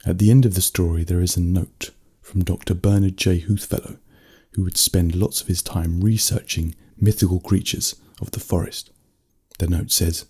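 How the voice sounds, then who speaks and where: A man narrating a bedtime story in a steady, unhurried reading voice. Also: sits low, slightly rough.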